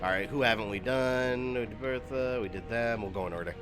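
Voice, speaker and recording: A man's voice: medium pitch, brisk. Chatty male game streamer. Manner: chatty and rambling, with fillers. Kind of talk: casual live-stream gaming commentary. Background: game music.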